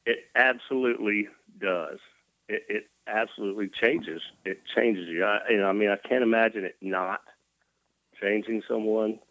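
A man's voice: lowish voice, steady tone, normal speed, fairly bright tone, dry recording, highs cut off. A man from Mississippi, recovering from a near-death scare, telling his story with folksy self-deprecating humor as an interview guest. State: recovering from cardiac arrest.

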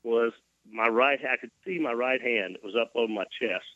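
A man's voice: medium pitch, moderate pace, fairly bright tone, no echo, muffled recording. A man from Mississippi, recovering from a near-death scare, telling his story with folksy self-deprecating humor as an interview guest. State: recovering from cardiac arrest.

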